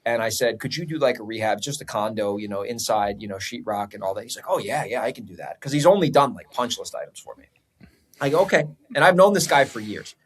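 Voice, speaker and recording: A man, a real estate investor guesting on a podcast, telling a story in a casual, profane, animated way. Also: medium pitch, quick pace.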